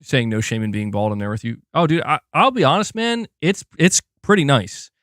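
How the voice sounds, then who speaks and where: A man's voice: medium pitch, animated, moderate pace, a bit bright, no echo, studio quality. A man live-streaming in casual chat, rambling and swearing with many restarts. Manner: profane, frustrated, rambling with restarts.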